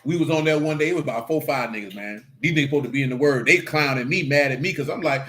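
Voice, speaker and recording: A man teaching scripture in a casual stream, joking and swearing in street slang, with sudden animated outbursts. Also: mid-range voice, fast, hardly any pauses. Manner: animated preaching with rising outbursts. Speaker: Bible teacher.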